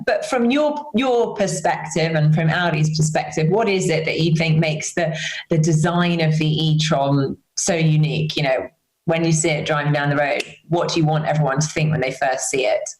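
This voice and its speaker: A woman co-hosting a live online interview, lively and chatty, laughing easily. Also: low-pitched, reverberant, low-quality recording. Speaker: co-host.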